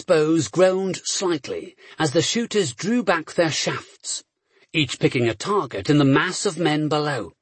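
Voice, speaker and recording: A man's voice: on the high side, animated, a little slow, husky, no room sound. A man reading a story aloud as an audiobook narrator with a dramatic, varied delivery.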